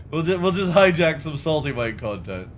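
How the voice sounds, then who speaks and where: A man's voice: on the high side, very animated, normal speed, slight background noise. Chatty man streaming games. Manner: rambling, talks to chat, swears freely. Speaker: game streamer. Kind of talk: casual live-stream chat.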